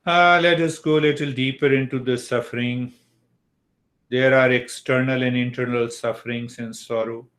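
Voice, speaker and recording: An older man gives a yoga philosophy lesson at a medium pitch, his tone steady and a bit bright. He takes his time, deliberately asking questions and answering them himself.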